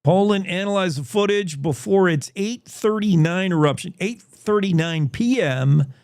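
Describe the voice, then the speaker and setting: A man's voice: high-pitched, expressive, moderate pace, a little mellow, no echo, clean studio sound. A man hosting a news show, joking and rambling with comic asides. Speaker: show host. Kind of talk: casual news commentary.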